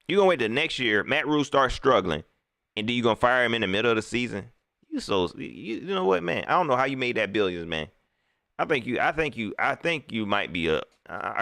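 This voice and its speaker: A man's voice: medium pitch, dry recording, studio quality. A man hosting a live stream, talking casually and emphatically and repeating his points. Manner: animated, emphatic, repeats phrases.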